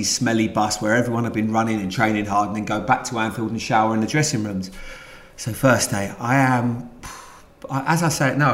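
A middle-aged man with a London accent, a guest telling rambling, animated stories in a casual interview. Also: fairly low pitch, reverberant. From England. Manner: rambling, animated anecdotes with many restarts. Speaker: guest, former footballer.

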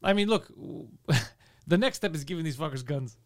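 Animated man trading comic banter. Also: a little high, moderate pace. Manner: animated, swears often, acts out quotes in silly voices. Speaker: podcast co-host. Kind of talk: casual comedic chat.

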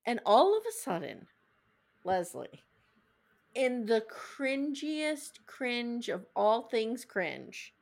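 Woman podcast host, fairly high and very lively voice, playful storyteller. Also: extremely slow, gravelly. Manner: animated, acts out scenes in funny voices. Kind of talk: casual recap chat.

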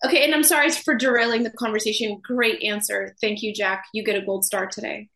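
Chatty woman, bright voice. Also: fairly high pitch, fairly even intonation, gravelly. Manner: apologetic, chatty, quick to laugh. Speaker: podcast co-host. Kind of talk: casual chat.

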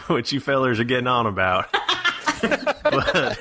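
A man's voice: mid-range voice, huge pitch swings, a little slow, vocal fry, very noisy, full character voice. A man voicing a rustic villager in a put-on Southern US drawl, rambling in a roundabout, folksy way, in a tabletop role-play.

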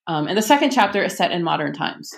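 Chatty, lowish-voiced woman author. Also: big pitch swings, fast talker, vocal fry. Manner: chatty and enthusiastic, many ums and restarts. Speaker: author and podcast guest. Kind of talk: casual conversational interview.

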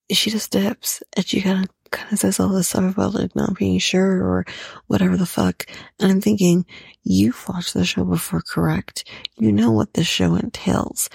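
A woman's voice: fairly low pitch, creaky, a little mellow, slightly rough, dry recording. A young woman hosting a podcast, recapping a reality show in a profane, opinionated rant. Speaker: podcast host.

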